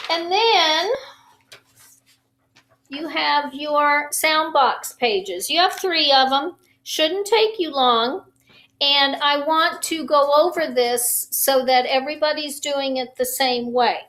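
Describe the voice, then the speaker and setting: A woman teacher at home, giving a slow, patient lesson to young children over a phone camera and stretching out each phonics sound. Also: sits high, animated, a bit bright, poor audio.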